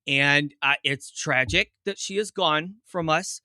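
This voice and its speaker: A man hosts a casual podcast chat, his voice very bright and a touch high. He rambles and interrupts himself with jokes. The sound is dry and close. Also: slow pace, no echo. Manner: rambling, self-interrupting, joking. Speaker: podcast host.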